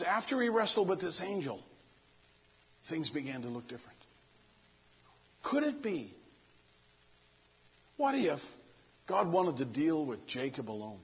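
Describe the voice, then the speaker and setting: A man's voice: on the high side, slightly rough. A man preaching a folksy, conversational sermon, retelling the story with humor and playing out the characters' talk. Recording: dull lo-fi recording.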